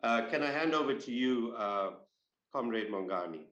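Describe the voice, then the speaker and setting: A man hosting a panel discussion over a video call, measured in delivery and using fillers when he speaks off-script. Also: medium pitch, animated, fairly bright tone, echoey room, dull audio. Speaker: host. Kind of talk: formal opening remarks and panel introductions.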